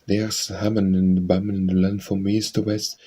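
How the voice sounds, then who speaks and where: A man recites verse for an audiobook in a rhythmic, sing-song lilt. His voice sits a little low and has a husky, breathy grain. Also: little pitch movement, a little fast, dark tone. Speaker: audiobook reader.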